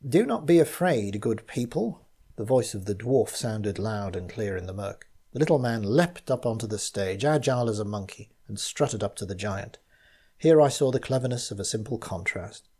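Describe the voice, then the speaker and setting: A man reading his own gothic mystery story aloud, in measured first-person narration. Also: fairly low pitch, mellow, husky.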